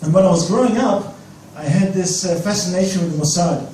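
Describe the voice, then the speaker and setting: A man in his thirties from Australia, telling a live story in a self-mocking, lively way. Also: sits high, fairly quick. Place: cafe stage. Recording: echoey room, distant mic, faint noise.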